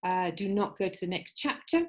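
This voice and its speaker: A mid-range, sing-song female voice comes through at a normal pace on a low-quality recording. The speaker teaches an online creativity workshop, encouraging her listeners as she instructs them and checking in with a recurring "okay?" She acts out the quoted characters while narrating a fable.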